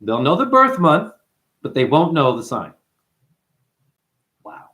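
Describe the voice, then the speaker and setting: Animated man hosting a spiritual livestream. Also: a little high, takes it slowly. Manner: animated, calls listeners honey, chants mantras. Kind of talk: livestream talk to chat.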